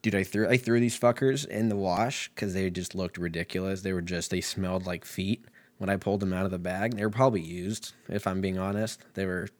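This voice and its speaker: A man's voice: low voice, steady tone, brisk. A man ranting comically, swearing constantly, laughing often and drifting from tangent to tangent. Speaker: comedian. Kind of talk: rambling comedic rant.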